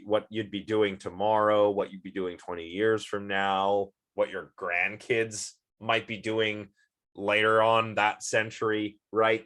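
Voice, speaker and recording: A man with a somewhat low voice talks through a philosophy lecture. His delivery is loose and conversational, full of ums, uhs and false starts as he thinks aloud. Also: a bit bright. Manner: casual, rambling, many fillers and restarts. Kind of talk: recorded online lecture.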